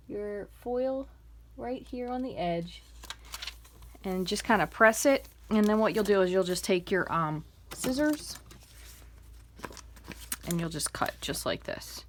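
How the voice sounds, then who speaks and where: A woman giving a chatty, step-by-step crafting tutorial, explaining each move as she works and murmuring soft asides. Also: medium pitch, animated, slow pace, pauses often, a little hiss or hum. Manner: chatty, step-by-step instructions with fillers. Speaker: craft demonstrator.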